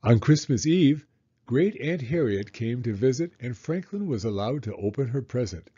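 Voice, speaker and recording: A man reading a children's storybook aloud in an expressive, animated way. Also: medium pitch, moderate pace, breathy edge, highs cut off. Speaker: children's book reader.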